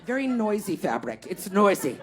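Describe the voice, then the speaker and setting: Animated Canadian-born woman doing stand-up. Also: medium pitch. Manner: animated, rapid asides, sudden loud outbursts, swears. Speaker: stand-up comedian. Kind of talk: stand-up comedy set. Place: comedy club stage. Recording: echoey room with crowd laughter. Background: audience laughter.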